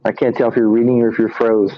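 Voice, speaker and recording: A man co-hosting a live paranormal talk stream, speaking in a halting, tired monotone with many fillers and restarts. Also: medium pitch. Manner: monotone, tired from little sleep. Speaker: paranormal investigator and show co-host. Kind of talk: casual live-stream chat. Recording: dry, dull lo-fi stream audio.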